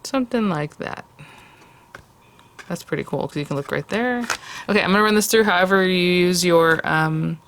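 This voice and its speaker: Female craft host, low and gravelly, relaxed step-by-step chatter while working. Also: moderate pace, pauses often, slight background noise. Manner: chatty, thinking aloud while working by hand. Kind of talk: casual crafting tutorial.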